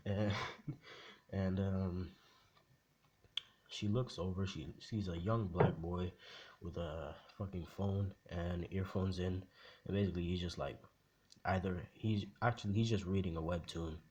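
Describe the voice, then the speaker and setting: A man's voice: low-pitched, fairly even intonation, unhurried, long pauses, a little mellow, lo-fi sound. A young man casually retelling a story in a rambling, profane way, full of fillers.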